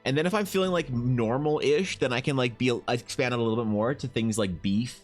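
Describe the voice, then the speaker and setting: An art streamer chats casually on a livestream, rambling with plenty of fillers and casual swearing as he reads chat and talks to his dog. His voice is medium-pitched and fairly quick, with faint music behind.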